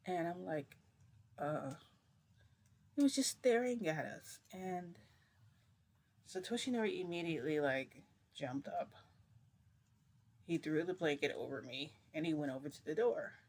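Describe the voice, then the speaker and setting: A woman telling a long personal story in a casual, rambling way, full of fillers and restarts, keeping her voice low. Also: a little slow, pauses often. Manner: rambling, filler-heavy retelling with many restarts; speaks low to keep quiet. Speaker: storytime vlogger.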